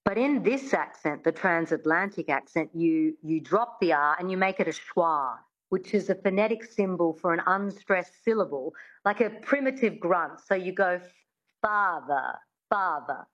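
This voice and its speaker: A woman, a dialect coach explaining in an interview and demonstrating sounds slowly and precisely. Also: fairly low pitch, expressive, muffled recording. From Australia. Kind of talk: conversational interview, teaching.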